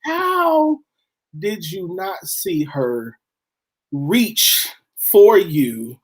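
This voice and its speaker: A woman hosts a relaxed panel chat in a somewhat low, husky voice. Her pitch swings widely and expressively. She reads posts aloud and breaks into laughter as she goes. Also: extremely slow. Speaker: host.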